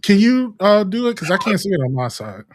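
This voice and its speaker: A man's voice: high voice, big pitch swings, a little fast. A man co-hosting a live talk show in casual chat, easygoing, with frequent laughs and filler words. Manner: easygoing, laughs often, many ums and uhs.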